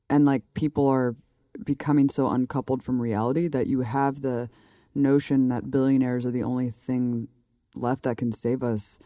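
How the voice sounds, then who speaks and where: A man's voice: medium pitch, mellow, dry recording, clean studio sound. A man from California co-hosting a political podcast, talking casually with lots of "like" fillers. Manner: casual, fills his speech with "like". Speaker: podcast co-host.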